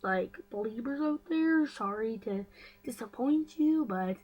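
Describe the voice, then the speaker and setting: A woman's voice: fairly high pitch, lively intonation, measured pace, darkish tone, rough recording. A woman vlogger casually recapping a story, chatty and full of fillers and gossipy asides.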